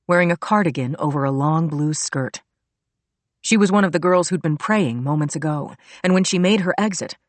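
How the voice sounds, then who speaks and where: A woman reading a thriller audiobook aloud in a steady, even storytelling manner. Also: sits low, dry recording. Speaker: audiobook narrator. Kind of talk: scripted narration.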